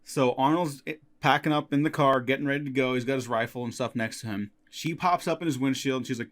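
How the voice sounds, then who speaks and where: A man co-hosting a casual film podcast, retelling scenes in a relaxed, gleeful way. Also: mid-range voice, fast, few pauses. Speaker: podcast co-host.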